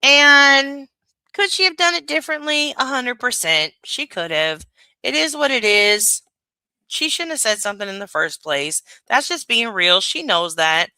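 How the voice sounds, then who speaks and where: A woman hosting a casual reaction commentary, talking bluntly and profanely. Her voice is bright and forceful. The sound is close and dry, with no room around it. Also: fairly high pitch, measured pace, clean tone, no echo. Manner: blunt, profane, laughing, animated. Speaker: commentary channel host.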